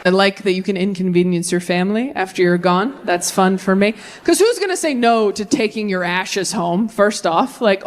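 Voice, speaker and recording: A woman in her thirties performing a stand-up comedy set on a theater stage, telling deadpan stories with quick voiced asides into a handheld mic. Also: medium pitch. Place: theater stage before a live audience.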